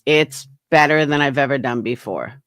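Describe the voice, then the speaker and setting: A woman's voice: rumbling low, moderate pace, fairly bright tone, no echo, studio quality. A woman hosting a casual livestream, talking bluntly with frequent swearing and answering her chat. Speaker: livestream host.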